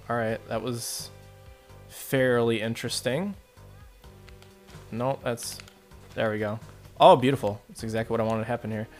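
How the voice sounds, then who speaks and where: A man rambling through casual gameplay commentary, talking to his viewers and joking at his own expense. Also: lowish voice. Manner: rambling, self-deprecating, talks to viewers. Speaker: let's play commentator.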